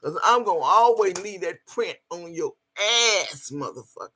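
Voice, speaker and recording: A woman's voice: on the low side, lively intonation, moderate pace, bright, forceful tone, husky. A woman hosting a livestream, talking brashly and profanely, boasting and laughing often as she greets her chat. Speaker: livestream host.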